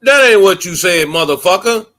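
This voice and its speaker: A man's voice: high voice, expressive, normal speed, pushed and bright. A man hosting a reaction commentary, heated and profane, stumbling over repeated words. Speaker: commentary host.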